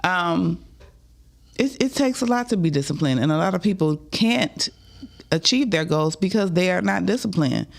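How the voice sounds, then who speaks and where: A woman's voice: fairly low pitch, expressive, moderate pace, vocal fry. A woman co-hosting a casual morning show, upbeat with preachy asides. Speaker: co-host.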